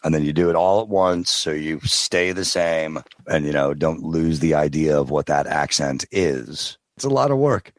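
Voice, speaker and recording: Man, very low voice, dry close mic, relaxed storyteller, podcast guest. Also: measured pace, few pauses, no echo. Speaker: podcast guest, audiobook narrator. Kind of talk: casual interview chat.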